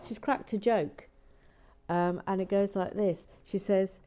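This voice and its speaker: A woman hosting a relaxed building vlog, chatty and playful, drifting into soft whispered asides. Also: medium pitch, moderate pace. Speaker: host of a brick-building channel.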